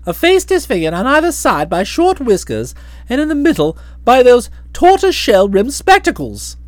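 A woman narrating a comic story for an audiobook in a playful, expressive manner. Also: a little high, normal speed, dry recording.

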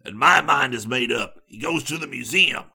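A man doing a sharp, stubborn traveling companion. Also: medium pitch, moderate pace, creaky, husky, exaggerated voice. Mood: indignant. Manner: sharp, indignant, possessive.

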